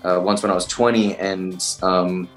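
A man's voice: sits low, level tone, moderate pace. A young man, an actor, chatting casually in an interview and rambling with lots of fillers. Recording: roomy with faint music.

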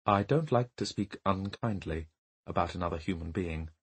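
A polite, guarded gentleman who weighs every word, his voice deep and husky, as a man puts him on. He speaks formally and slowly, choosing courtesy over bluntness, like a figure in a read-aloud mystery. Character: courteous, carefully measured male mourner.

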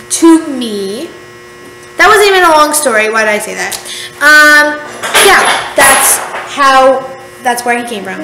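A woman's voice: sits high, bright, forceful tone. A young woman vlogging casually late at night, tired and rambling, cutting herself off and restarting as she chats to the camera at home. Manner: rambling, self-interrupting, tired and chatty. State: sleepy. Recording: echoey room with faint hum.

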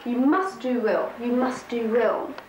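A woman's voice: a little high, measured pace, recorded from a distance, natural voice. A woman playing a pushy, doting mother who urges her grown daughter on, with insistent, repetitive pleading. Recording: echoey room with background noise.

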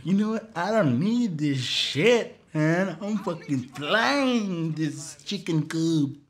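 Man playing a fussing, insistent mom; raised voice, lively. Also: a little high, slow pace, voice pushed up. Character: pushy, devoted middle-aged mother.

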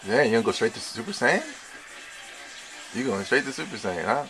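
A young man giving live gameplay commentary, trash-talking his opponents with slang and an excitable manner. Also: medium pitch, brisk, over music. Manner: excitable trash talk with slang, shouts and laughs. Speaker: gamer playing online.

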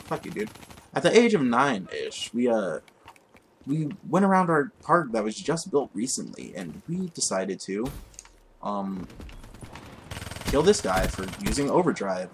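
A man's voice: mid-range voice, big pitch swings, a little slow, long pauses, fairly bright tone, slight background noise. A young man casually telling a rambling, profane story while commenting on his gameplay. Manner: rambling, profane, easily distracted by the game.

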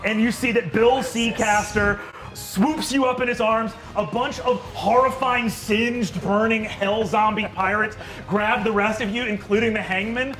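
A man narrating a live tabletop game as game master, animated and full of fillers, often laughing. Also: high-pitched, measured pace, faint music behind. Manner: animated, many fillers, laughs at his own voices. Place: live stage show.

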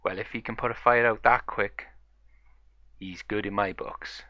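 A man's voice: on the low side, steady tone, unhurried, no echo, muffled recording, natural voice. A man voicing a friendly, easygoing adult male pig in a toy play story.

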